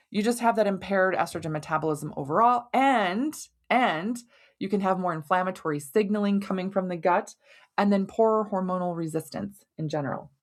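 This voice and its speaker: Woman doing an educational health podcast, kinda low voice, chatty and animated, lots of everyday comparisons. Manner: explains with homely analogies, conversational and animated. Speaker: podcast host and hormone health doctor.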